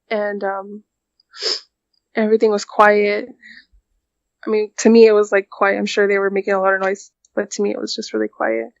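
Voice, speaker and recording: Subdued woman, halting, dull dry recording. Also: mid-range voice, vocal fry, dry recording. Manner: halting, full of "like" and "um". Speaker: podcast guest. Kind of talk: emotional personal storytelling.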